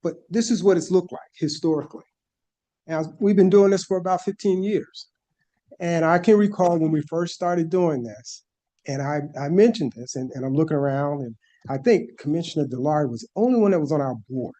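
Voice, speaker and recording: Man presenting to a board, mellow voice. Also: fairly high pitch, brisk. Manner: methodical, explaining slide by slide. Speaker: staff presenter at a planning board meeting. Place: board meeting room.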